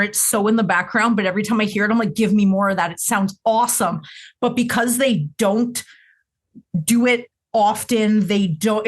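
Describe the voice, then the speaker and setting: A young woman co-hosting a music podcast, talking in a chatty, expressive way. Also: mid-range voice. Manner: chatty and expressive, with frequent fillers. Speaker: podcast co-host. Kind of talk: casual chat.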